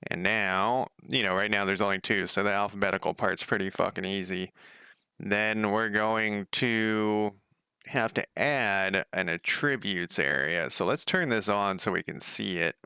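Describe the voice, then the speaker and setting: Gravelly low-voiced man streaming code. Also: a little slow, bright, forceful tone, no echo, studio quality. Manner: rambling, casual swearing, chatting with viewers. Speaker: streamer coding a game. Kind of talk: casual livestream, thinking aloud while coding.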